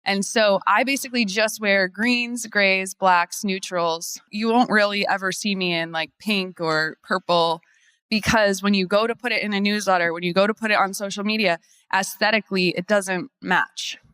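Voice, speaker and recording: A woman's voice: mid-range voice, fairly even intonation, normal speed, a bit bright, smooth, no echo. A woman lawyer, candidly chatting to a conference audience and laughing often. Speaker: lawyer and firm owner. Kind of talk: conference panel talk.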